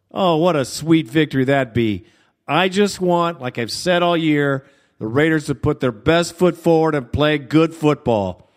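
A man hosting a sports call-in show, upbeat and calling his callers brother. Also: a little high. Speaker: radio host. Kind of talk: sports talk radio.

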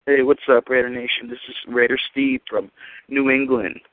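A man's voice: mid-range voice, level tone, moderate pace, very noisy. Blunt man calling in over a phone. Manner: blunt opinionated fan. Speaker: caller. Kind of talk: call-in voicemail. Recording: tinny phone line.

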